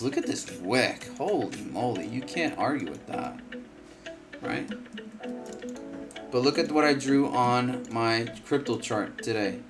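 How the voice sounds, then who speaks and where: A man hosting a live trading stream, talking casually and bluntly, swearing often and repeating himself, tired and yawning from lack of sleep. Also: mid-range voice. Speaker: trading livestream host. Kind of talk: casual live market commentary.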